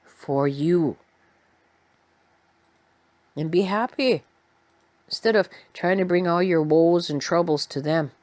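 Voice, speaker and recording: A woman telling a personal story in a soft, quiet, unhurried way. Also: on the low side, dry recording.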